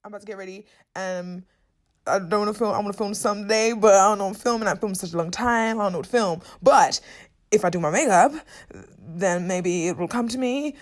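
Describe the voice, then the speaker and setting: A woman's voice: mid-range voice, quick pace. A young woman chatting casually and slangily to her viewers in a get-ready-with-me vlog, recorded at home. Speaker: beauty vlogger. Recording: echoey room, mic at a distance.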